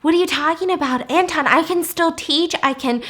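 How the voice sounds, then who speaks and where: A woman voicing a desperate young female cellist who is bitter and pleading, in a high, loud voice. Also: expressive, slow.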